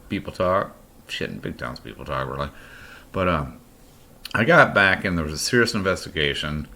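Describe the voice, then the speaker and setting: Deep-voiced, profane middle-aged man. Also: sharp tone, a little hiss or hum. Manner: blunt, profane, rambling. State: has been drinking. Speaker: podcast host. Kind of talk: storytelling monologue.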